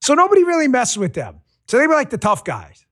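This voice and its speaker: A middle-aged New man delivers a political commentary monologue as a podcast host. His voice sits high and swings widely in pitch. He talks in an emphatic, animated storytelling way throughout. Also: fast talker. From New York.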